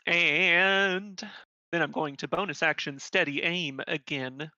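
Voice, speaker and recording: A man playing a tabletop game, with a raised, very sharp and tense voice. He lays out his turn in a quick, matter-of-fact way, over a dry and slightly muffled mic. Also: fairly high pitch, no room sound. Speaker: player.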